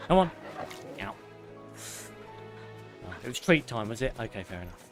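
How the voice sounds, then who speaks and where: Over music, this UK game streamer talks at a normal speed in a medium-pitched, sing-song voice. He has a British accent and keeps up relaxed live commentary, chatting with his audience and cursing freely.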